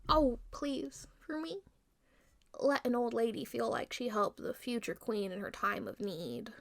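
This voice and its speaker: A woman voicing the wicked queen disguised as a frail old woman, speaking in a soft, breathy, half-whispered way. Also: fairly high pitch, expressive, measured pace, no room sound. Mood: coaxing.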